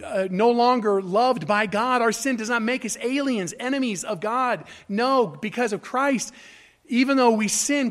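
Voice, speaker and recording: A man's voice: high voice, fairly bright tone. A male pastor preaching a sermon, reading scripture aloud, then explaining it with rhetorical questions and rising emphasis.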